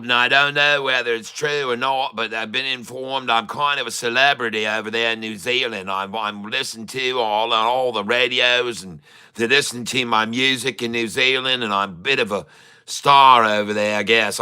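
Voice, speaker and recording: A man's voice: medium pitch, fairly even intonation, normal speed, bright, forceful tone, clear, resonant tone. A middle-aged man giving live day-trading commentary, joking and rambling with showman asides to his viewers. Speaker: day trader streaming to viewers.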